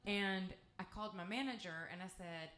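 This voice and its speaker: A woman's voice: mid-range voice, moderate pace, a bit bright. A woman from East Texas with an East Texas accent, telling a candid, profane, rambling story between songs as a guest singer-songwriter. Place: music club stage. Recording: echoey live club room.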